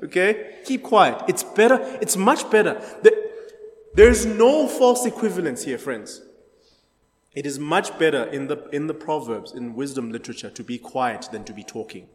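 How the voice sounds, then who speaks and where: Guy teaching bible study, high voice, chatty and laughing a lot, questions the group, big echoey room. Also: animated, normal speed. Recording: echoey hall.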